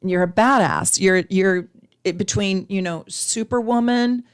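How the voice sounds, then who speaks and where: A woman's voice: mid-range voice, a little slow, clean tone, no echo, clean studio sound. A woman astrologer chatting effusively on a live stream, laughing often as she gives chart readings. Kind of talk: live-stream casual chat.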